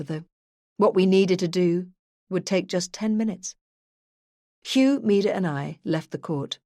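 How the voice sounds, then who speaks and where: Low-voiced woman reading first-person true crime. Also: a little slow, pauses often, warm tone, no room sound, studio quality. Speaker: audiobook narrator.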